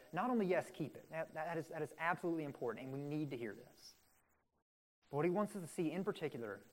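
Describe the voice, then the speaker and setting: A man preaching a sermon in an earnest, emphatic way, repeating phrases for stress. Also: a little high. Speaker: pastor.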